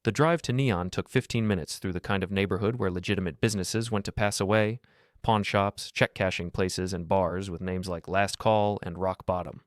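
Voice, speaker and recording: Deep dude reading a drama story, steady and gruff, no room echo. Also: male voice, clean studio sound. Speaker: narrator. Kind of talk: scripted first-person story narration.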